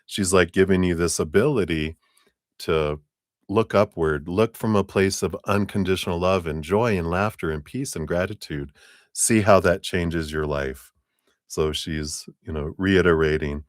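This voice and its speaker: A man with a very deep voice reads tarot cards for viewers on a live stream. He talks in a loose, chatty way, laughs often and leans on "you know" and "right?". The sound is dry and close, with no room echo. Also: measured pace. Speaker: tarot reader.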